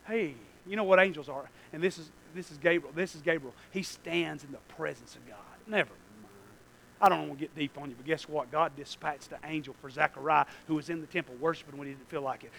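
A man preaching a sermon to a church congregation, swinging from low asides to shouted, drawn-out peaks. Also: expressive, gravelly, poor audio.

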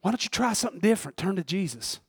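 A man preaching a sermon in a fervent, folksy way, moving between loud outbursts and hushed asides and chuckling often. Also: high voice, sing-song, rapid-fire, vocal fry, slightly rough, no echo.

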